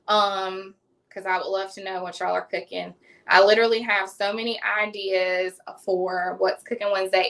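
A woman's voice: mid-range voice, fairly bright tone, rough recording. A woman in her thirties with a Southern US accent, chatting casually with viewers while cooking on a livestream. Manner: chatty, addresses viewers as y'all. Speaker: cooking vlogger hosting a livestream. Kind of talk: casual live cooking chat.

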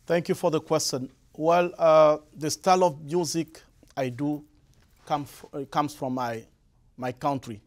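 Young Congolese man, French accent, slightly high voice, hesitant guest answers. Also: steady tone. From Republic of the Congo. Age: young adult. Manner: halting, many restarts and fillers. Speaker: guest musician. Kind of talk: interview answers.

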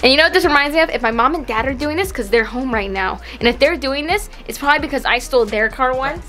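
Young woman vlogger, high and chatty, talks straight to viewers. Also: animated, fast talker. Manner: chatty, giggly, addresses viewers. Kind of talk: casual vlog chat. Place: outdoors at a park.

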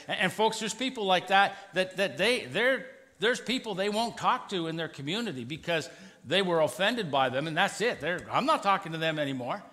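Male pastor, sermon, high bright voice, playful and animated, church hall reverb. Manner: animated, acts out sarcastic voices, with quick asides. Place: church sanctuary.

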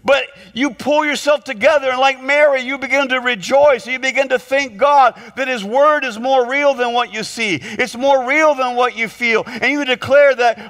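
A man preaching a humorous sermon as pastor, telling stories in an animated way with quick jokes and repeated words. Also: very high-pitched. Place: church sanctuary. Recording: long hall reverb.

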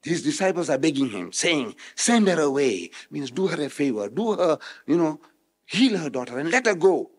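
A man from South Africa giving a public religious lecture, switching between loud rhetorical questions and quiet explanation. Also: on the high side, sing-song, moderate pace, husky. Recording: echoey hall, old remastered recording.

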